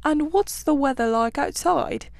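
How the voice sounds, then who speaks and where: A woman voicing a brisk, good-natured male water rat who speaks matter-of-factly. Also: sits high, vocal fry, a little mellow, no echo, voice pushed up.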